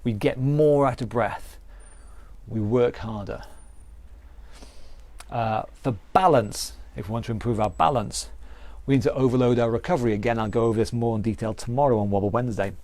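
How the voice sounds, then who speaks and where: An earnest man with a British accent teaching a live online fitness class, circling back to his points again and again. His voice is mellow and low-key, and the sound is dry and close, with little room around it. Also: moderate pace, no echo. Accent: British English. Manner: earnest, repetitive explaining with restarts. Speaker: fitness instructor.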